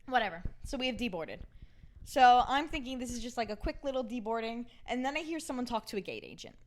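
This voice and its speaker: A young American woman co-hosting a podcast, telling a travel story in casual chat, animated, laughing often and acting out the voices of the people she quotes. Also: fairly high pitch, fast. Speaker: podcast co-host.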